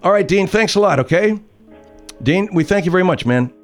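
A male talk radio host scolds his guests with sarcasm in a fairly high voice that rises and falls a lot. Faint music runs under the talk. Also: lively intonation, fairly quick.

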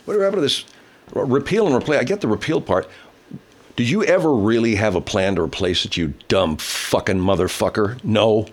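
A man's voice: fairly low pitch, animated, moderate pace. A man hosting a casual livestream, reading viewer comments, swearing heavily and ranting angrily. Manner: baby talk to his pet cat. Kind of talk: casual profane livestream chat.

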